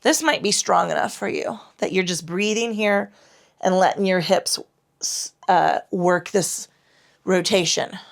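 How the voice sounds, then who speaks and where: Unhurried and with a creaky voice, a woman teaches yoga, taking the class through moves for the hips and low back. Her breath cues are blunt and playful, peppered with casual swearing.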